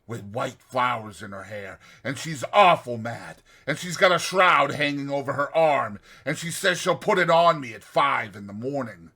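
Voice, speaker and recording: A dying man raves in terror at a ghost only he can see, pleading in high, loud, frantic cries, as a man puts him on in an audiobook. His voice is bright and strained. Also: animated, moderate pace, hardly any pauses, breathy edge, exaggerated voice. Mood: terrified. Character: terrified, raving dying man seeing a ghost.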